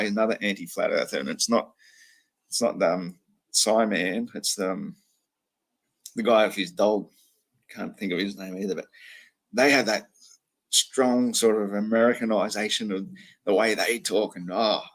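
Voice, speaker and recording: A man's voice: fairly low pitch, creaky, breathy edge. A man hosting a livestream, chatting casually in a rambling way with frequent ums and restarts. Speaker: livestream host.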